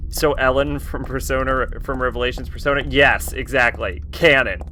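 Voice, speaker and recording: A man's voice: mid-range voice, fairly even intonation, normal speed, sharp tone, slight background noise. A man streaming a horror game, giving casual, rambling commentary that is profane and joking.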